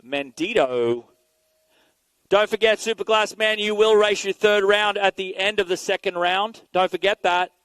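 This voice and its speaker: A man giving energetic live play-by-play commentary at an outdoor BMX race, calling out riders and bike numbers. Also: high-pitched, measured pace, clear, resonant tone, dry recording. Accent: Canadian. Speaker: race announcer.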